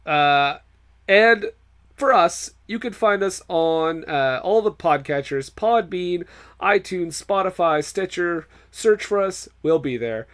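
A male podcast host chatting casually, rambling through plugs and jokes with plenty of restarts. His voice sits a little above the usual male pitch. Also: animated, takes it slowly, a bit bright. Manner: rambling, jokey, with many restarts. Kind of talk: casual chat.

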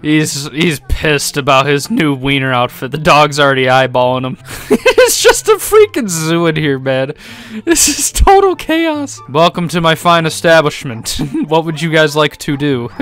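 A young man giving casual, joking commentary over a life-sim game, laughing often and breaking into high squeaky laughter. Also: lively intonation, moderate pace, a bit bright, clean tone. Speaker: gaming YouTuber. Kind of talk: casual Let's Play commentary. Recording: faint game music behind.

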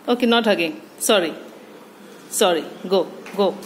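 A woman's voice: mid-range voice, normal speed. A woman at home talking to her dog in a playful, coaxing, baby-talk way, filmed on a phone. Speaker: dog owner filming her pet. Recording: home video with clear background noise.

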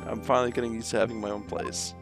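A cheerful teenage girl teases in a lifted sing-song voice, as a man puts her on while reading a game. A gravelly grain sits under the high tone. Music plays clearly in the background. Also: level tone, rapid-fire, natural voice. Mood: teasing. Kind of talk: reading game dialogue aloud. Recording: music behind the voice.

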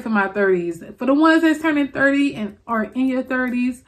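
A woman in her late twenties with a New Orleans accent, hosting a casual solo confessional podcast, rambling warmly with many fillers and restarts and calling her listeners y'all. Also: on the high side, animated, moderate pace, few pauses. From New Orleans, USA. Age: 20s. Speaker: podcast host.

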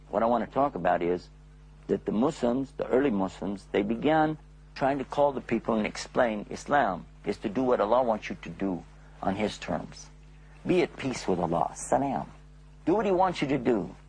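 A man narrating a religious story for children, often turning to his listeners with questions. His voice is gravelly and raspy, a bit high for a man, and it rises and falls with lots of life. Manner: animated, asks the listeners questions.

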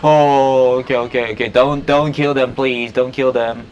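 A man giving casual let's play commentary on a park-building game, chatty and excitable, talking to the dinosaurs and laughing often. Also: medium pitch, measured pace, slight background noise. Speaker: gameplay YouTuber.

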